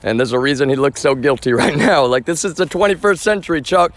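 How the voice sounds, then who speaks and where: A man's voice: fairly high pitch, fast, no room sound. A man live streaming outdoors from a front yard, talking to his viewers in an agitated, rambling way full of swearing. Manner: agitated, rambling, profane, addresses viewers as y'all.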